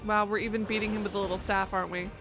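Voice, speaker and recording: A woman's voice: medium pitch, flat delivery, racing. A young woman streaming a game, joking, swearing and reading the game text aloud, with game music under her voice. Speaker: livestreamer. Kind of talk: casual gaming commentary.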